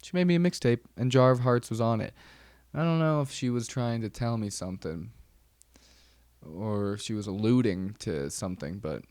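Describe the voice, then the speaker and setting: A man's voice: lowish voice, moderate pace, darkish tone, dry recording. A young man hosting a podcast, telling wry stories in a rambling, casual way with lots of fillers. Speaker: podcast host. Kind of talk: casual solo chat.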